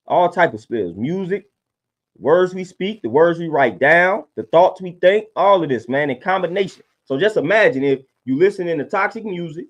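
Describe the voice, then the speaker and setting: A man's voice: fairly high pitch, animated, normal speed. A man talking casually on a livestream, laid-back and preachy, often repeating his points. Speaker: livestream host.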